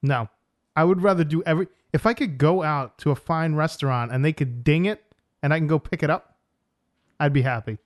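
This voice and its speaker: A man from New York co-hosting a casual podcast chat, blunt and deadpan as he tells joking stories. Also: a little high, a little fast. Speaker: podcast co-host.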